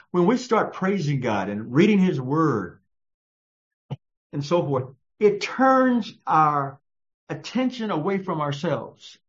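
A fairly high-voiced man preaching a sermon, punching key words with sudden jumps in pitch and drawing out short commands slowly. At times he sinks into a low, hushed prayer voice. The recording sounds dull and lo-fi. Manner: drawn-out, stressed short phrases.

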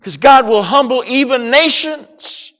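Pastor, man, from the US; high, animated preaching voice, long hall echo. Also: unhurried. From United States. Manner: preachy, animated, swings between loud declarations and soft asides. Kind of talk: sermon.

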